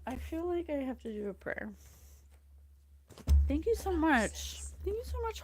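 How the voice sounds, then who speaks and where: A woman with a fairly high voice chats warmly through a spiritual livestream. She takes her time, talking in an unhurried, effusive way and laughing often between thoughts. The sound is dry and close. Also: very animated, no room sound. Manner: chatty, effusive, laughs often, reads scripture aloud. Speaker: psychic reading host. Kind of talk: casual spiritual livestream talk.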